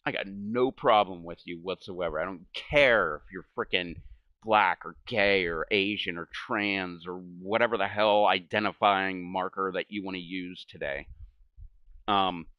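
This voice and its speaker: A low-voiced, middle-aged man from the United States speaks at a measured pace while streaming a game at home. He rambles casually, swears, and laughs at his own stories, captured in a dry recording with the highs cut off.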